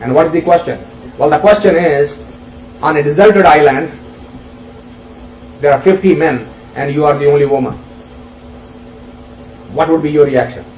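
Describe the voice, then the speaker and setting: A man's voice: fairly high pitch, darkish tone, lo-fi sound, slight background noise. Man teaching in a roomy, distant recording. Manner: unhurried, poses rhetorical questions to listeners. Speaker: spiritual teacher. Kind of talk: spiritual discourse with storytelling.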